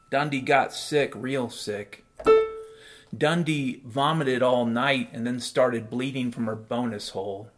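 A man talks in a rambling solo monologue, full of swearing and dry sarcasm, then drifts into deadpan absurd tales. His pitch sits in an ordinary middle range. A faint piano plays quietly behind him. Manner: profane, sardonic, deadpan absurdist storytelling.

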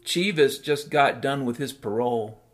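A man talks in a rambling solo monologue, full of swearing and dry sarcasm, then drifts into deadpan absurd tales. His pitch sits in an ordinary middle range. A faint piano plays quietly behind him. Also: moderate pace. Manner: profane, sardonic, deadpan absurdist storytelling.

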